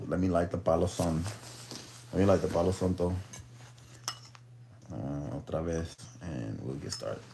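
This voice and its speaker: A man's voice: extremely low pitch, background noise. A young man chatting casually on a phone live stream in laid-back, profane slang, then reading a book aloud. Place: at home, in bed.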